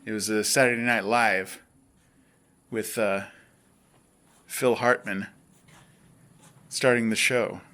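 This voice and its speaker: A man's voice: fairly low pitch, steady tone, slow, long pauses, sharp tone. A young man vlogging in a rambling, self-mocking monologue with frequent hesitations.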